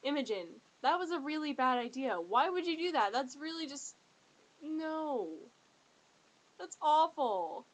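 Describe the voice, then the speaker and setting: A woman talking in a casual fan review vlog, excitable and gushing, rambling from one thought to the next. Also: sits high, unhurried, rough recording.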